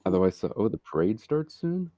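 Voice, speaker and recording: A man's voice: on the low side, very animated, brisk, dark tone, dry recording. A man co-hosting a podcast, chatting casually with wry, dry humor. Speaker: podcast co-host. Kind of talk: casual chat.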